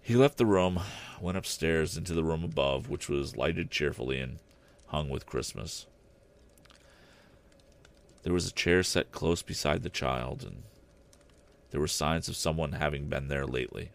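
Gravelly deep-voiced man narrating a story. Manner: expressive, slow deliberate reading. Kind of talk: audiobook narration.

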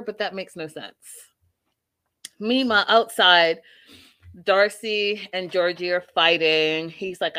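A young woman hosting a casual live stream, recapping a reality show in a bubbly, giggly, animated way. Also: fairly low pitch, slow pace.

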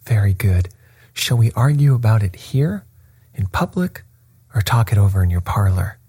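A man voicing a confident, precise male detective in a storybook reading, calm and quietly commanding. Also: lowish voice, normal speed, slightly rough, no echo, studio quality.

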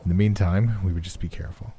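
A man narrating a first-person horror story in a steady, measured, subdued way. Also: sits low, a little hiss or hum.

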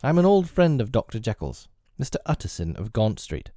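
A man's voice: mid-range voice, huge pitch swings, fairly quick, dark tone, no room sound, studio quality, pitched above the performer's own voice. A man reading aloud, voicing an earnest, proper middle-aged lawyer who asks pressing, polite questions.

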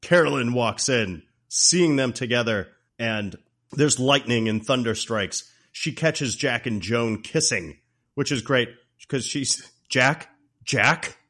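A man's voice: medium pitch, slow pace, fairly bright tone. A man co-hosting a podcast, animatedly recapping a comedy film and laughing often. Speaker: podcast co-host. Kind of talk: casual movie recap.

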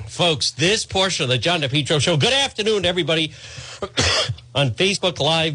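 A man hosting a talk radio show, delivering a sardonic, mocking monologue and often clearing his throat. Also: fairly high pitch, animated, normal speed, sharp tone, dry recording.

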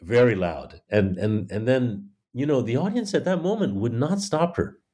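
A playwright from China being interviewed, telling animated stories and acting out the voices of the people in them. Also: male voice, mid-range voice, normal speed, breathy edge. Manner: animated storyteller, acts out quoted voices. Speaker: playwright guest. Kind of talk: conversational interview.

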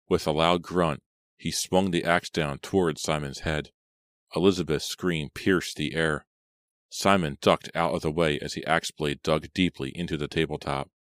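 A man narrating a horror audiobook in a steady, measured reading style. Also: extremely low pitch, no echo, clean studio sound.

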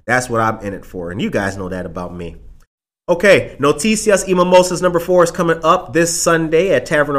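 Talk show guy, mid pitch, punchy and repetitive, lots of shout-outs. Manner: emphatic, repeats phrases for punch, gives shout-outs. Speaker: show host. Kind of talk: casual live talk show.

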